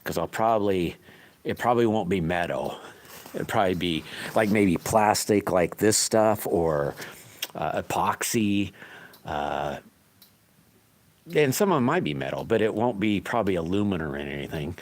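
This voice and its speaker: A low-pitched man chatting through a livestream as he works. His voice swings up and down a lot, and he rambles in a folksy way, restarting his sentences and chuckling at himself. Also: expressive, moderate pace. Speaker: livestream host making slingshots. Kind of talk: casual livestream chat while working.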